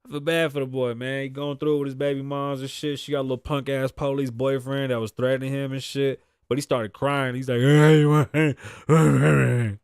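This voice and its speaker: A man's voice: mid-range voice, level tone, fast, hardly any pauses, clean tone, no echo, clean studio sound. A man from Boston hosting a casual solo commentary show, reading news aloud and riffing on it bluntly with lots of profanity. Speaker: show host.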